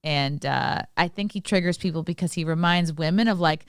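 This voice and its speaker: A woman's voice: on the low side, brisk, smooth, dry recording, studio quality. A woman co-hosting a casual podcast chat, talking bluntly and swearing casually. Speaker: co-host.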